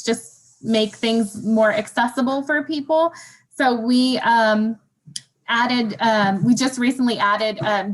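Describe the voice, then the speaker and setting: A woman's voice: fairly high pitch, low-quality recording. A woman speaking as a museum staff guest in a casual interview, chatty, with lots of ums.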